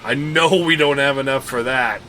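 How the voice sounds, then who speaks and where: A man with a bright, forceful voice gives casual gameplay commentary on a live stream. He chats with viewers, counts and thinks out loud, and laughs often. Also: medium pitch, normal speed, a little hiss or hum.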